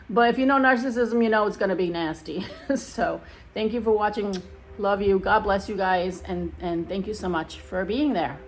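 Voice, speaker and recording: A woman's voice: mid-range voice, normal speed. Woman, middle-aged, vlogger, personal story, emotional, rambling, casual. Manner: emotional, rambling, restarts often. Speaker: vlogger sharing her story.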